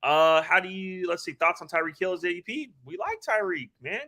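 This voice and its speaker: A man co-hosting a live fantasy draft stream, talking in loose slang and hyping every pick. His voice is bright and animated and swings widely in pitch. He sounds casual and excited throughout. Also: fairly quick. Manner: hyped, casual slang, answers viewer questions. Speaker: podcast co-host.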